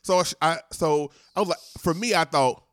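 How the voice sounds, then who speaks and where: A man in his thirties co-hosting a casual podcast chat, animated and profane, acting out the voices of people he quotes. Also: fairly high pitch, a little fast, no echo, studio quality. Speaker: podcast co-host.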